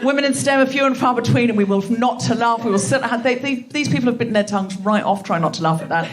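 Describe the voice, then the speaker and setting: Comedy host, woman, fairly high voice, teasing live banter, crowd heard. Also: fast talker. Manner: teasing, laughing, playful banter. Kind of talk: live comedy show audience chat. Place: live venue with audience. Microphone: handheld mic. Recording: live show with audience crowd noise. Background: audience laughter.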